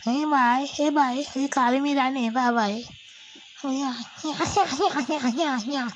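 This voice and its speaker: A woman's voice: high voice, a little slow, a little hiss or hum, pitched above the performer's own voice, low-quality recording. A man mimicking a Guyanese woman coworker with a Guyanese accent, scolding someone who calls her by a nickname. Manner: scolding, repeats "boy". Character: bickering Caribbean woman coworker.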